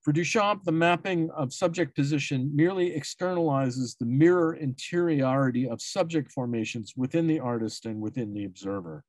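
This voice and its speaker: A man's voice: on the high side, normal speed, hardly any pauses, no room sound. A man giving a symposium talk, reading a prepared academic paper and often stumbling and correcting himself on long words. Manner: reads dense prose with frequent self-corrections and restarts. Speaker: academic speaker.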